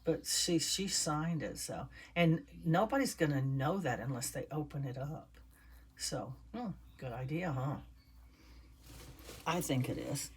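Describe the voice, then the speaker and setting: A woman's voice: low-pitched, expressive, unhurried, a little hiss or hum. An older woman chatting casually as she stuffs and assembles a handmade doll, talking to her viewers while she works. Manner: chatty, talks while working with her hands. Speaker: doll maker. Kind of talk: casual crafting vlog.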